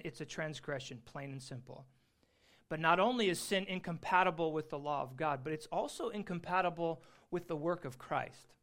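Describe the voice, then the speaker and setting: A man teaching an adult Bible class, earnest and emphatic, slowing down to stress key phrases. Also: fairly high pitch, a bit bright.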